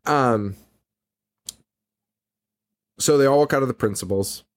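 Brief: young male podcast co-host, casual movie recap, animated, swears a lot, laughs often. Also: medium pitch, a little slow. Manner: animated, profane, laughs often, acts out quotes.

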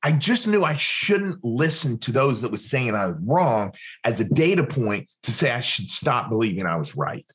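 Speaking at a moderate pace in a medium-pitched voice, this man is an interview guest who used to be a military interrogator. He tells a story with animation, performing the other people's lines himself.

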